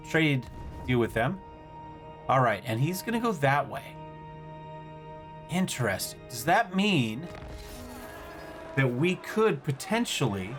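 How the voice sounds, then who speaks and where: A man's voice: a little high, fairly bright tone. A man hosting a casual let's-play, thinking aloud as he plays and often stumbling over words. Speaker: gaming channel host.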